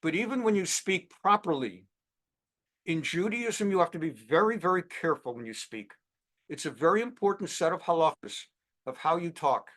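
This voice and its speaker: A man's voice: a little high, fairly bright tone. A middle-aged man teaching a Bible class as a rabbi, talking conversationally and acting out little quoted exchanges between people. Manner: conversational, acts out quoted exchanges, many fillers. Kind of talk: lively classroom lecture.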